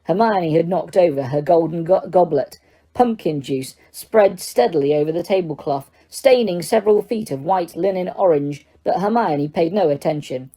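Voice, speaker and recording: A woman narrating an audiobook in a steady reading voice, with the odd stumble. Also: fairly low pitch, moderate pace.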